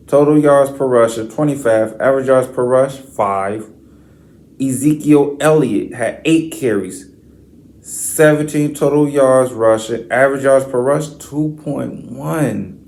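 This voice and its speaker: A man's voice: medium pitch, a little slow. A man hosting a sports podcast, reading stats and then ranting with profane, slangy trash talk. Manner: reads stat lines in a flat list. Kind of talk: sports commentary rant.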